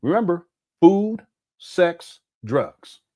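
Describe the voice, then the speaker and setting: A man's voice: high voice, sing-song, drawn-out words, mellow, dry recording, studio quality. A middle-aged man from Southern California commenting on a video clip in a casual, incredulous, mocking way. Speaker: commentary channel host.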